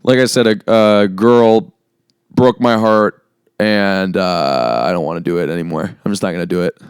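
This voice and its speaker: A man's voice: sits low, moderate pace, smooth, no room sound, studio quality. A man co-hosting a podcast, talking casually, rambling earnestly at times and wry at others. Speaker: podcast co-host.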